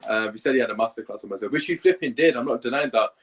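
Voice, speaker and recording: A man's voice: mid-range voice, racing, slightly rough. A young man co-hosting a football fan reaction chat, speaking in a frustrated, emphatic way. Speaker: fan channel co-host.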